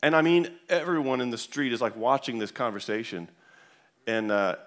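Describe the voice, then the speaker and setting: A man's voice: mid-range voice, normal speed, fairly bright tone. A man speaking at a church event, telling an anecdote to an audience with many fillers and restarts. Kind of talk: storytelling talk to an audience.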